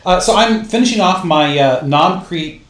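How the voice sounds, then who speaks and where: A man's voice: sits high, moderate pace. Casual man, distant and roomy. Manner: relaxed, rambling with many fillers. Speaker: podcast co-host. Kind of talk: casual chat. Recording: roomy echo, distant mic.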